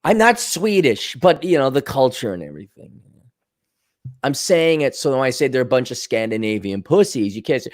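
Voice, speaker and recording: A man's voice: mid-range voice, very animated, moderate pace. A middle-aged man from Minnesota hosting a podcast, ranting casually, swearing and mocking with sarcastic impressions. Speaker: podcast host. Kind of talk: casual monologue.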